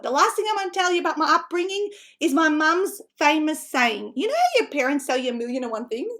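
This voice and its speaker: Bubbly high-voiced Australian woman. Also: fast talker, hardly any pauses. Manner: bubbly, laughing often, animated. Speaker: author and book-writing coach. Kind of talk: seminar talk.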